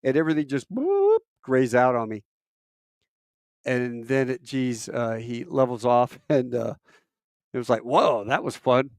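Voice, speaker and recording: A middle-aged military veteran tells a casual story in an animated, smooth voice, unhurried and pausing often, captured in clean studio quality with no room sound. He acts out quoted voices with big leaps in pitch, and his telling is self-deprecating and rambling, full of fillers.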